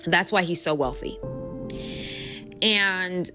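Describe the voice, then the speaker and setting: Woman spiritual coach, low-ish voice, loose rambling delivery, music bed underneath. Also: slow pace. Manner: chatty, rambling, many fillers. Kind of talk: casual storytelling to viewers.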